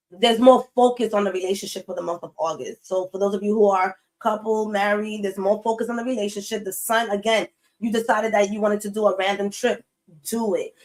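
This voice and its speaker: A woman's voice: medium pitch, low-quality recording. A woman giving a casual tarot reading straight to her viewers. She talks bluntly, swears freely and repeats her points for emphasis. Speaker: tarot reader.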